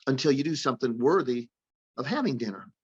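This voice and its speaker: A man's voice: medium pitch, expressive, fast, breathy edge. A man voicing his stern, bossy girlfriend, scolding firmly, on dull lo-fi audio. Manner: firm, scolding.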